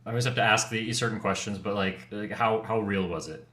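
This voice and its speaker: A man hosting a podcast, asking his guest quiet, hesitant questions. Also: fairly low pitch, a little fast. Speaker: podcast host. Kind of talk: interview questions.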